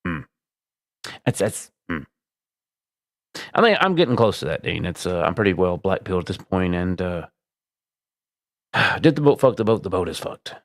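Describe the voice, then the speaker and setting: A man hosting a live-stream podcast, loud and exasperated, swearing and swinging between shouts and low mutters. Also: creaky. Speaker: livestream podcast host.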